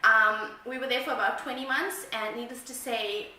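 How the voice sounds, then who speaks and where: A woman's voice: a little high, steady tone, normal speed, pushed and bright. A South African woman vlogging, casual and rambling, laughing at herself as she chats to the camera. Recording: very echoey room, mic far off.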